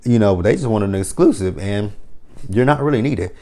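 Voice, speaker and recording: A man with a fairly low voice runs through a TV episode in a loose, chatty recap. He is sarcastic and swears freely as he comments on each scene. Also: animated, moderate pace, mellow. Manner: sarcastic, profane running commentary. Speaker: TV episode reviewer.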